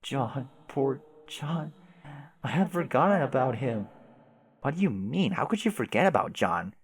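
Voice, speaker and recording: A man's voice: medium pitch, animated, measured pace, long reverb tail. Man voicing Jade, a grieving frightened girl. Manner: pleading, shaky, upset. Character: grieving lonely young girl, scared, tearful.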